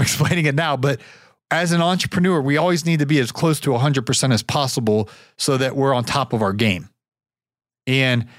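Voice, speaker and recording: A man's voice: medium pitch, no echo, studio quality. A man hosting a podcast, talking alone in a rambling, casual way, repeating words and chuckling now and then. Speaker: podcast host. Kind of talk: solo podcast talk.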